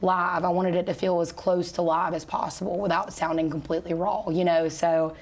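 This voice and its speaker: A woman singer being interviewed, talking in a relaxed, chatty way with easy laughs and plenty of fillers. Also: fairly low pitch, brisk. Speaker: country singer and guest. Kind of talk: casual interview chat.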